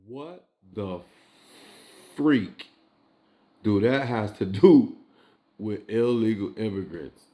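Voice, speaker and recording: A man's voice: fairly low pitch, slow pace, warm tone. A tipsy man giving casual reaction commentary, emphatic and profane, firing off rhetorical questions.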